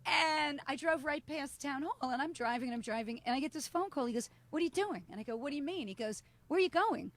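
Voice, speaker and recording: A woman's voice: high-pitched, fast, few pauses, no room sound. A middle-aged woman co-hosting a casual podcast, telling stories and acting out the other people's lines. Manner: animated storyteller acting out dialogue. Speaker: podcast co-host. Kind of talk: casual chat.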